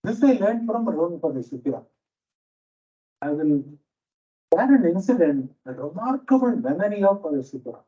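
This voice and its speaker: In a lecture hall with a loud fan, a management teacher with an Indian English accent addresses faculty, telling stories and repeating important phrases for emphasis. His voice is high-pitched, sing-song and dark in tone, moving at a moderate pace with long pauses. The hall recording comes across as dull and distant.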